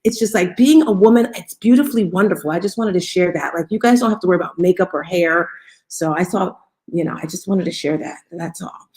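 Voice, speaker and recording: A woman's voice: fairly low pitch, brisk, darkish tone. A woman hosting a live motivational morning talk, upbeat and coaxing as she draws listeners in and leads call-and-response. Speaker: host of a live audio room.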